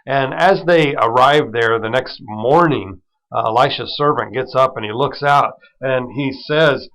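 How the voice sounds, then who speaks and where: A man's voice: mid-range voice, a little slow, fairly bright tone, rough recording. A man teaching a devotional Bible study as the program's host, retelling scripture in plain everyday words and turning it into encouragement for his listeners. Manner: encouraging, prays over listeners.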